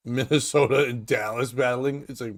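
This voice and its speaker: A man hosting a morning talk show chats casually, talking loosely and crudely, rambling, laughing often, and acting out quotes as he retells stories. His medium-pitched voice keeps a steady tone at normal speed. The recording is dry, with clean studio sound.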